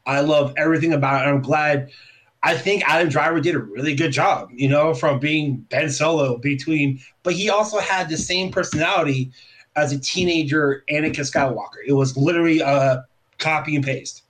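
Man, casual podcast chat, rambling, enthusiastic, fairly high voice. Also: moderate pace, fairly bright tone, low-quality recording. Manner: rambling, filler-heavy, enthusiastic.

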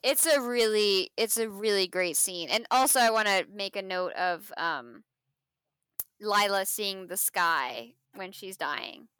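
Bright, crisp-voiced woman co-host. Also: mid-range voice, lively intonation, unhurried, dry recording, studio quality. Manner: thoughtful, reflective, many "like" and "you know" fillers. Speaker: podcast co-host. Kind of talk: casual film review chat.

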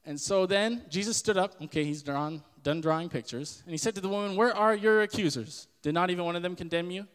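A young man gives a casual, sermon-like Bible talk, animated and quick to act out the voices he quotes. His voice sits a little high for a man. A long reverb trails after his words. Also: smooth. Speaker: podcast host.

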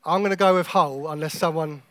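A man preaching a sermon in a conversational, joking way, with quiet intense stretches when reading scripture. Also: a little high, steady tone, brisk, dry recording.

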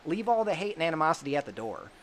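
A man's voice: on the high side, sing-song, rapid-fire, a bit bright, a little hiss or hum. A man hosting a podcast, chatting casually and enthusiastically, affirming his guest. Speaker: podcast host.

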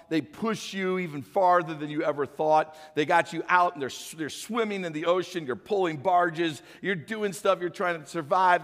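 A man preaching a sermon as pastor, telling a story and building to loud, emphatic peaks. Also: on the high side, long reverb tail.

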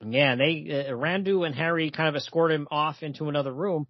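Brisk and a little high-pitched, this man hosts a podcast where he casually chats, reads out comic-book lines with a light touch of emphasis, and chuckles frequently; the recording is dry and lacks high frequencies.

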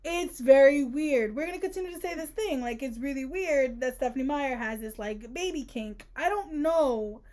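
This is a young woman with a high-pitched voice co-hosting a casual book-discussion podcast. She talks in an animated, sarcastic way and laughs often. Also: moderate pace, hardly any pauses. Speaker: podcast co-host.

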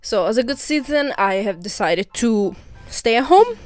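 A woman's voice: fairly high pitch, very animated, normal speed, darkish tone, dry recording, faint music behind. A young woman from Italy hosting her own podcast, chatting casually in a rambling way with many restarts and little laughs. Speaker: podcast host. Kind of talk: casual solo podcast chat.

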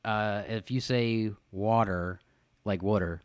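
A man's voice: lowish voice, steady tone, takes it slowly, smooth. A young man with a Philadelphia accent, hosting a casual podcast and explaining things with lots of fillers. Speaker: podcast host. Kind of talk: casual chat, reading notes aloud.

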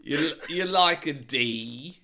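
A man's voice: on the high side, slow, sharp tone, voice pushed up, full character voice. A man putting on a pushy Australian lady bra fitter. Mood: cheery, pushy. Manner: exaggerated put-on accent, cheery and pushy. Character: chatty mock-Australian woman bra fitter.

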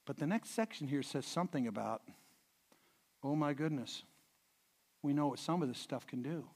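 A middle-aged male preacher with a fairly high voice. He tells stories to a congregation in a loose, stop-start way, repeating words as he goes. He drops to a hush, then swells loud to drive his points home. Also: normal speed. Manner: animated storyteller, swings from hushed to loud emphasis; frequent repeated words and restarts. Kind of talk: sermon with anecdotes.

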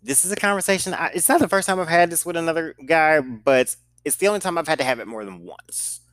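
A man's voice: a little high, lively intonation, fast, fairly bright tone, no echo. A man with a slight Southern accent telling a casual storytime in a blunt, profane and sarcastic way. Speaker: podcast host telling a story.

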